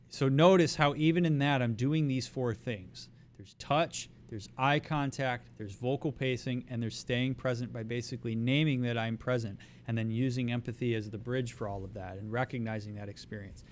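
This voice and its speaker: Calm male therapist giving a lecture. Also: mid-range voice, moderate pace. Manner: calm, explanatory, acts out soothing reassurance. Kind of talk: livestreamed lecture.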